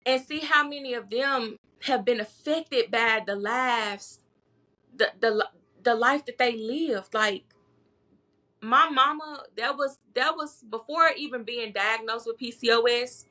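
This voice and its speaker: A woman's voice: a little high, unhurried, sharp tone. A woman speaking as a herbalist guest in a casual podcast chat, bold and emphatic, often repeating words to drive a point home.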